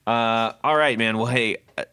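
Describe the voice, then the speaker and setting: A man's voice: mid-range voice, normal speed, pushed and bright, clean tone. A man co-hosting a casual podcast chat, with wry, teasing banter. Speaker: podcast co-host.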